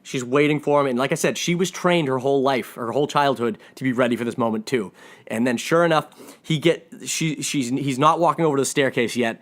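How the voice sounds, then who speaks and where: A man's voice: mid-range voice, fairly quick. A man giving a casual, rambling spoiler recap of a movie he reviews, talking enthusiastically with frequent restarts.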